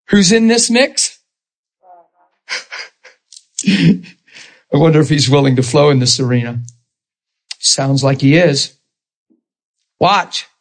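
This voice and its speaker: A husky-voiced male preacher with a fairly high pitch delivers an impassioned sermon. He peppers the congregation with rhetorical questions and moves from loud, emphatic bursts to quiet, intimate speech.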